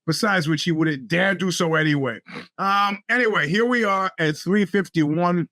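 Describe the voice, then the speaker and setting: A man hosts his own podcast in loose, rambling talk full of wry, profane asides. His voice sits high and bright, and his speech is a little thick from a bitten tongue. The close mic sounds dry. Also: normal speed, dry recording. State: talking a bit funny from a bitten tongue. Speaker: podcast host. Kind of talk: casual solo podcast talk.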